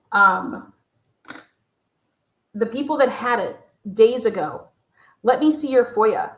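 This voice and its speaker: A woman giving casual livestream commentary as a true crime YouTuber. She talks in a blunt, profane, rambling way, full of asides. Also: a little high. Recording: roomy echo.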